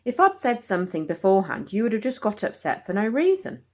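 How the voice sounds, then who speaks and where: A woman's voice: medium pitch, very animated, fast talker, a little mellow, voice pushed up. A woman reading aloud, voicing a defensive, pleading father in a storybook who talks earnestly.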